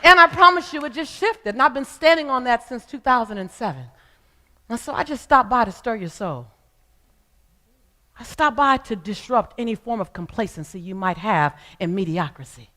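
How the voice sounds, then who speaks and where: A woman's voice: on the high side, expressive, moderate pace, pushed and bright. A middle-aged woman giving a motivational speech on stage, with an emphatic, repetitive preaching cadence. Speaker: motivational speaker. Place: stage before a live audience. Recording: long hall reverb.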